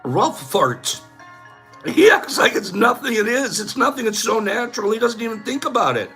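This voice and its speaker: A man's voice: very high voice, big pitch swings, moderate pace, bright, forceful tone, faint music behind. A man hosting a casual livestream, talking loosely and breaking into giggles often. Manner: giggly, keeps breaking into laughter. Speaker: livestream host.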